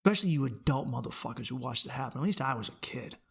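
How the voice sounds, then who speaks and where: A young adult man hosting a podcast, rambling and swearing freely as he rants, bursting into loud animated outbursts. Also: mid-range voice, very fast, creaky, slightly rough. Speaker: podcast host. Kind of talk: casual solo podcast rant.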